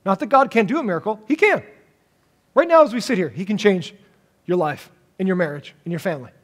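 A middle-aged man preaching a sermon as pastor, animated and jokey, acting out little voices in his stories. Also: sits high, a little fast.

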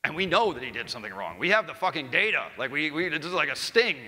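Guy telling a story on stage, swears a ton, says like constantly, bright tense voice, echoey hall. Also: fairly high pitch, sing-song, fast talker. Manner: profane, rambling with many "like"s. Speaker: conference speaker. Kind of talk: casual storytelling talk. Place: large conference hall with a live audience. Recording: reverberant hall sound.

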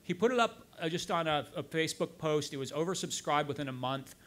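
Male guest speaker, slightly higher voice, anecdotal storyteller at a club event. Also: a little fast. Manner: anecdotal, quoting others in lively asides. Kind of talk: storytelling talk.

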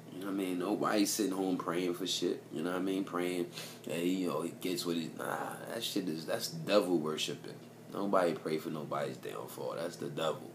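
A man's voice: a bass voice, background noise. A man telling a story to camera in a casual, profane, rambling way, often checking in with "you know what I mean".

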